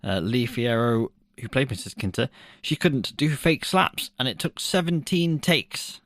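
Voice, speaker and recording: A man's voice: medium pitch, lively intonation, unhurried, fairly bright tone, dry recording. A man co-hosting a podcast. He reviews a film in casual, jokey chat, laughing often and swearing freely. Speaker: podcast co-host.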